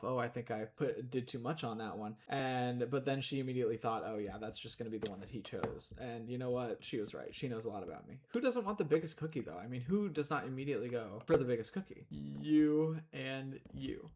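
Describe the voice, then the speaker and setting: A young man casually commenting on his building game, chatty and rambling, sometimes talking between bites of food. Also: medium pitch. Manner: chatty, rambling, talks while eating. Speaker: gaming streamer.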